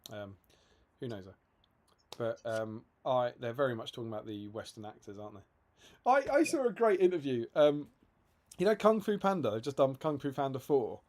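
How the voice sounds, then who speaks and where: Very animated, a man co-hosts a live stream with a medium-pitched, darkish voice at normal speed. He's chatty and amused as he reads viewer comments, laughing often.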